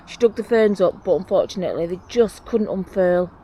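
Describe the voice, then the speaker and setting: A woman, chatting casually and excitedly to camera while showing her allotment garden. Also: fairly low pitch, a little fast, slight background noise. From England. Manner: chatty, rambling, excitable about plants. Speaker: allotment vlogger. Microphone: clip-on mic.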